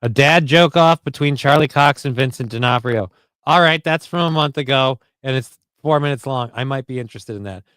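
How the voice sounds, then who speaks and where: A man's voice: mid-range voice, a little fast, a bit bright, clean tone, dry recording. A man hosting a casual livestream, loose, profane and jokey, reading chat comments and card text aloud. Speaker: livestream host.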